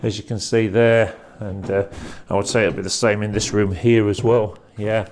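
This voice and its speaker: A man's voice: lowish voice, little pitch movement, normal speed, a little mellow, a little hiss or hum. Chatty man touring a workshop. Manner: chatty, pointing things out on the move. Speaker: auctioneer giving a site tour. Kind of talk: walking tour commentary. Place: large industrial workshop building indoors.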